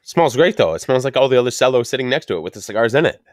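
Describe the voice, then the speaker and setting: A man's voice: mid-range voice, lively intonation, very fast, no echo, clean studio sound. A young adult man hosting a casual cigar podcast, rambling and joking crudely as he tells stories. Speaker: podcast host.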